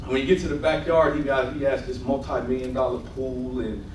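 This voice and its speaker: A man's voice: mid-range voice, steady tone, a little fast, reverberant, recorded from a distance, a little hiss or hum, low-quality recording. A man preaching a sermon and telling his testimony, with conversational asides, often checking in with "right?". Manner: call-and-response asides, repeats "right?". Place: church sanctuary.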